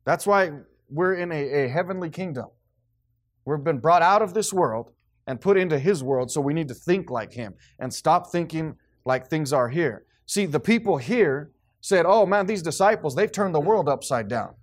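A man preaching as pastor, reading scripture slowly and explaining it in a casual, conversational way. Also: fairly high pitch, animated. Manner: reads scripture slowly and deliberately, then talks casually with laughs. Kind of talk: sermon.

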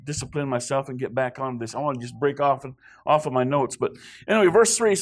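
A man's voice: medium pitch, quick pace. A guest preacher from Wyoming, a man rambling with joking asides in a church sermon before reading scripture.

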